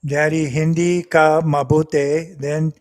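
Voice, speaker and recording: A man filming a casual family vlog, patiently coaxing his child and repeating short phrases slowly so they can be copied. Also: on the high side, level tone. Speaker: father and vlog host.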